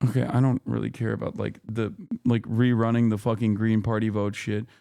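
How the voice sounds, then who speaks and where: An exasperated man in his thirties hosts a livestream and rants in casual commentary, swearing freely as he reads posts aloud. His voice sounds smooth and resonant. The sound is dry and close, with no room around it. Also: lowish voice, flat delivery, brisk, dark tone, dry recording. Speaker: streamer host.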